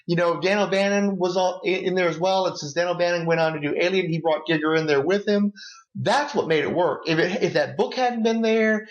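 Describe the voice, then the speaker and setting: A man's voice: high-pitched, fairly quick. A man co-hosting a podcast, ranting profanely in casual film discussion. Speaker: podcast co-host. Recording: dull lo-fi mixer recording.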